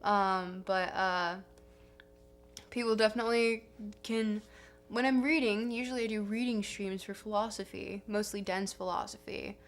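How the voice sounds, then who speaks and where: A woman's voice: mid-range voice, fairly even intonation, moderate pace. A young woman hosting a casual livestream, chatting in a rambling, self-correcting way. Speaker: livestream host. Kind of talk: casual stream chat. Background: soft guitar music.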